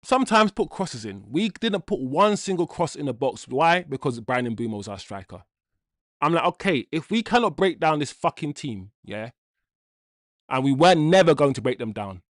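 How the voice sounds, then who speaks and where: A man's voice: on the high side, sing-song, normal speed, no room sound, studio quality. A man hosting a live football watch-along, ranting in exasperation, swearing and repeating himself as he vents. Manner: repeats himself while venting.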